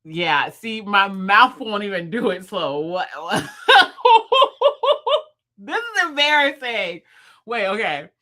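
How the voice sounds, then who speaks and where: A young woman, hosting a casual livestream, talking fast and laughing often with her viewers. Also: medium pitch, sharp tone. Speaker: livestream host.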